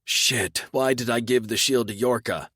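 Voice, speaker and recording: A man's voice: mid-range voice, measured pace, bright, forceful tone, husky, no room sound, clean studio sound, pitched above the performer's own voice. A man voicing a tough male zombie fighter who swears in strained outbursts.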